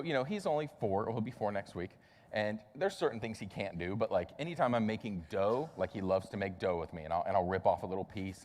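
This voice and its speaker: A man in his thirties, a pastor giving a casual, conversational sermon and acting out quoted voices. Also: medium pitch. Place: church sanctuary. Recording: long reverb of a large hall.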